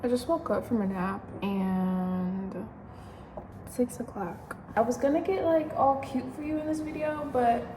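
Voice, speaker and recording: A woman's voice: a little high, a little slow, noisy background. Young pregnant woman, casual cooking vlog, chatty, rambling, echoey kitchen. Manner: chatty, rambling, laughs often. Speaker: vlogger. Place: home kitchen, indoors.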